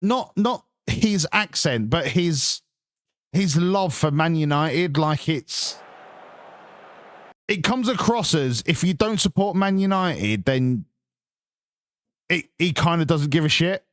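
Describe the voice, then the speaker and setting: English man, sarcastic sweary rant, unhurried drawl, fairly high voice. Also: animated, fairly bright tone. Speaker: stream host. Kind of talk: casual chat.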